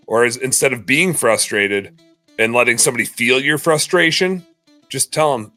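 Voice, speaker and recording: A man with a bright, forceful voice speaks on a casual podcast. He talks candidly and rambles a little, and he often acts out what other people say. Faint music plays underneath. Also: mid-range voice, moderate pace, dry recording. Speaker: podcast co-host.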